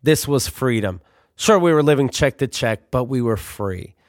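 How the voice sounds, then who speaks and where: A young man telling comic stories about his youth in a wry, deadpan manner. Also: medium pitch, moderate pace, dry recording, clean studio sound. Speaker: storyteller. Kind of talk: comic storytelling.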